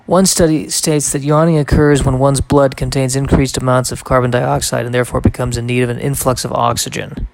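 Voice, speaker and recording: A man with a gravelly, creaky voice talks through a solo podcast at a middle pitch. He reads aloud, then wanders off into wry, rambling asides. The sound is dry and close, with no room around it. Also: level tone, brisk, few pauses, no echo. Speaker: podcast host. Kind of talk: solo casual podcast monologue.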